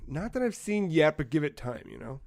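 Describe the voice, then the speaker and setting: A man co-hosting a casual gaming podcast, retelling game scenes with lively acted-out dialogue and casual swearing. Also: on the high side, fairly quick. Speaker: podcast co-host.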